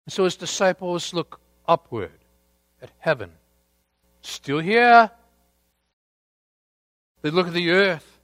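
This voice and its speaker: A man preaching a sermon, deliberate and emphatic, with dramatic pauses. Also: a little high, animated, a bit bright, no room sound. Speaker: pastor.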